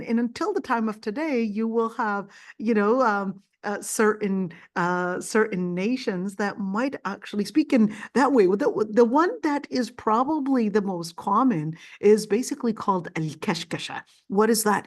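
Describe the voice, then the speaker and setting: A woman teaching a Quran commentary lesson, explaining slowly and often repeating words with fillers. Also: mid-range voice. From Palestinian family. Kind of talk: classroom lecture.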